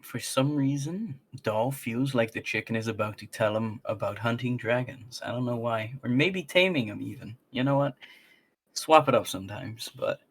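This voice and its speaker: A man's voice: medium pitch, moderate pace, slightly rough. A man chatting casually as a player in a tabletop game.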